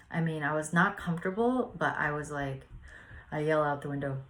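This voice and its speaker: Woman, low voice, spiritual podcast host; loose, rambling, heartfelt storytelling. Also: measured pace, pauses often, a bit bright. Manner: rambling, earnest, many "like" fillers. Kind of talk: casual spiritual reflection and storytelling.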